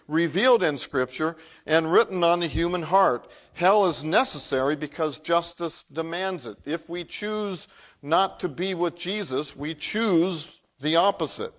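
A male pastor preaching an earnest sermon in a church, swinging from emphatic peaks to low, quiet appeals. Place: church sanctuary. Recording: muffled, lo-fi recording.

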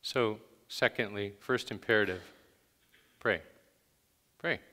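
A man's voice: on the low side, slow, pushed and bright. A man preaching a conversational sermon to a church congregation, stressing each command with emphasis. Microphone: handheld microphone. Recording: long hall reverb.

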